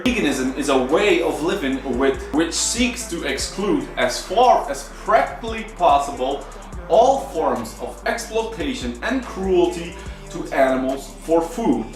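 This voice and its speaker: Young guy rambling thru a vlog, lots of uhs, echoey and kinda far from the mic. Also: a little high. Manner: earnest, rambling explainer with many fillers. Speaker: vlogger. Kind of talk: casual chat. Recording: echoey room, off-mic, faint background music.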